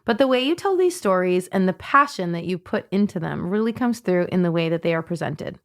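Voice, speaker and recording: A woman's voice: on the low side, expressive, brisk. A woman guest on a podcast, playfully reading out a listener's letter in a casual, amused way.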